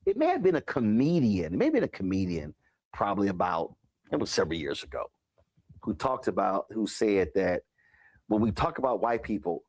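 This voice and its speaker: A man from the United States hosting a talk show interview, animated and acting out past conversations as he tells them. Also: on the low side, a little fast. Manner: animated storyteller, acts out remembered exchanges.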